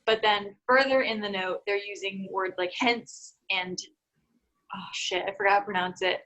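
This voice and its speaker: A woman's voice: medium pitch, fairly even intonation, moderate pace, pushed and bright, poor audio. A young woman co-hosting a true-crime podcast, chatting casually, laughing often and trailing off mid-thought. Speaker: podcast co-host.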